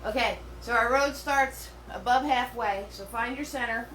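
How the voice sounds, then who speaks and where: A woman's voice: on the high side, normal speed, few pauses, fairly bright tone, recorded from a distance. A middle-aged woman teaching a live painting class in a chatty, rambling way, full of fillers and restarts. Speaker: painting instructor. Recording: roomy, from away from the mic, faint hum.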